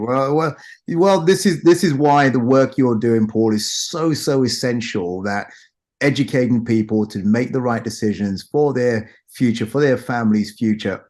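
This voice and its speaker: A man's voice: mid-range voice, darkish tone. Encouraging male podcast host. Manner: encouraging, laughs along, sums up points. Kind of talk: interview hosting.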